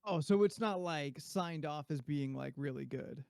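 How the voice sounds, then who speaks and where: Male co-host, fry-heavy, dark tone, dry close mic, halting casual delivery. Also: on the high side, no echo. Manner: hesitant, full of ums. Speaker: podcast co-host. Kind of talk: casual chat.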